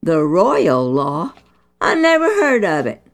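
A woman voicing an eager young schoolboy who talks quickly and pleadingly in a high voice. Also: wildly swooping pitch, exaggerated voice. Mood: sheepish.

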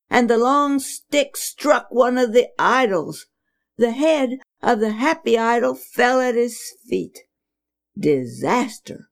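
Woman storyteller, slow and gravelly, dramatic read-aloud with pauses. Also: fairly high pitch, lively intonation. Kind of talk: reading a children's story aloud.

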